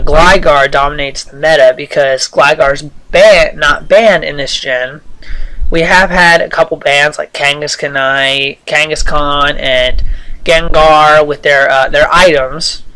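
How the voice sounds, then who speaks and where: A man giving casual, rambling commentary over a video game, talking loosely with lots of pauses and restarts. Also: a little high, sharp tone, rough recording. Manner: rambling, many fillers and restarts. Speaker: gameplay commentator.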